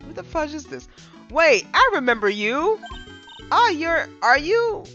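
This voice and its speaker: A flustered young defense lawyer, played by a man, defensive and exasperated, with an animated, rising and falling delivery. Dull lo-fi sound, game music behind him. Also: very high-pitched, measured pace, pitched above the performer's own voice, full character voice. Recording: dull lo-fi stream mic.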